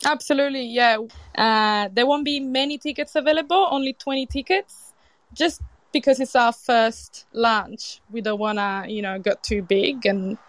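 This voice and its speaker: A woman's voice: on the high side, moderate pace, no room sound. Chatty Italian-accented woman chef. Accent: Italian, with a British tinge. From Sicily, Italy. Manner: lively and expressive, with frequent restarts. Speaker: chef and event organiser, guest. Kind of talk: casual interview talk.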